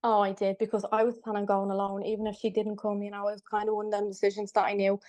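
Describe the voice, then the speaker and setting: A young woman telling a personal story as a podcast guest, halting and full of fillers and restarts. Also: mid-range voice, monotone, a little mellow, dry recording. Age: young adult.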